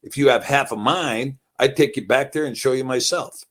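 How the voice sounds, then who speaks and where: A man's voice: medium pitch, moderate pace, fairly bright tone, voice pushed up, lightly acted. A man reading aloud and voicing a boastful, menacing cowboy prospector with a drawl. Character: gruff flamboyant male cowboy prospector.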